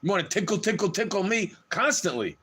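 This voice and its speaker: A man with a high voice holds forth on a livestream in a heated, swearing rant. His pitch climbs and plunges widely as he talks, so the delivery sounds restless and agitated throughout. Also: sing-song, brisk, a bit bright, slight background noise. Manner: heated, profane, ranting.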